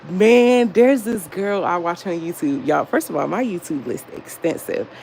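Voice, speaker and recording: A young woman chatting casually on a livestream, profane and animated as she reads chat aloud. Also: on the low side, normal speed, creaky, a little hiss or hum, rough recording. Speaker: livestream host.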